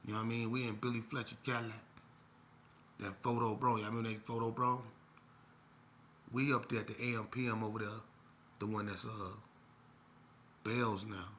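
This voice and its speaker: Middle-aged guy telling his street story, low and punchy, keeps restarting himself. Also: fairly bright tone, a little hiss or hum. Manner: blunt, streetwise, rambling with many restarts. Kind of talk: unscripted personal storytelling.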